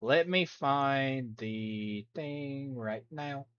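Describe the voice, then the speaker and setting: A man's voice: medium pitch, very slow, fairly bright tone, highs cut off. A man chatting casually on a live stream while reacting to videos, rambling, laughing and humming along.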